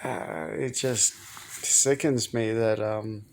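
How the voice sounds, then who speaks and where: A man's voice: on the low side, fairly even intonation, slow pace, noisy background. A man talking casually to camera in a personal vlog, rambling and hesitant, often repeating words. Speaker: vlogger.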